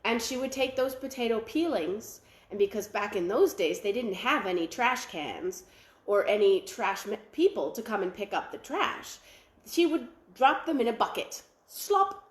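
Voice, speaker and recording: A woman telling a traditional folktale aloud at a library, animated and full of sound effects. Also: a little high, reverberant. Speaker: library storyteller.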